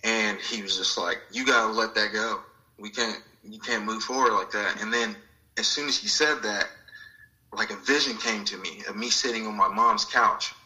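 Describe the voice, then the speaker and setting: A man's voice: on the low side, moderate pace, sharp tone, rough recording. A man sharing a personal spiritual story in an interview, reflective and acting out the voices of people he quotes. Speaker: guest.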